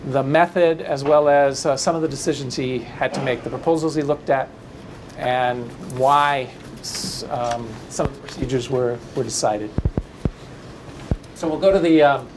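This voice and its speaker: Workshop leader, male, higher-set voice, halting and restarting, noisy classroom recording. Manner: halting, many restarts and fillers. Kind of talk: classroom lecture with slides.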